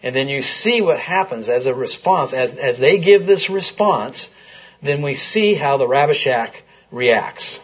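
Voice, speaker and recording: Husky man teaching a Bible class. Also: mid-range voice, expressive, measured pace, lo-fi sound. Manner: questioning, conversational, asks the class often.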